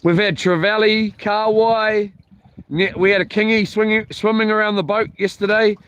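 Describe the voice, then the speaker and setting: Kiwi guy rambling on a boat outdoors, highish voice, casual chat. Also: little pitch movement, normal speed, a bit bright, highs cut off, a little hiss or hum. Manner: rambling, chatty and playful. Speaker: fishing vlogger.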